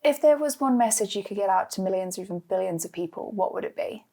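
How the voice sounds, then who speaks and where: A woman's voice: mid-range voice, expressive, fast talker, vocal fry, dark tone. A young woman asking interview questions, lightly and with easy laughter. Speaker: interviewer in marketing.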